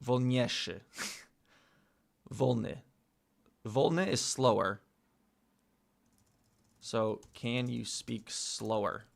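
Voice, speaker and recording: A young man thinking aloud as he studies a language, correcting himself and slowly sounding out foreign words. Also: mid-range voice, gravelly. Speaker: vlogger learning a language. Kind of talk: casual thinking-aloud study session.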